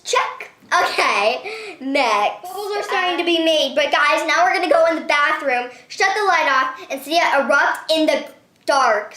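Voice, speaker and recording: A woman hosting a slime-making vlog at home, talking excitedly and often squealing and shrieking. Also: sits high, reverberant. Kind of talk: excited hands-on vlog narration. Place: home bathroom and table.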